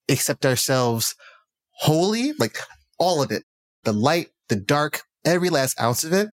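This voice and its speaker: A man's voice: medium pitch, no echo, studio quality. A man hosting a podcast in casual conversation, earnest and reflective, with casual slang. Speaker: podcast host.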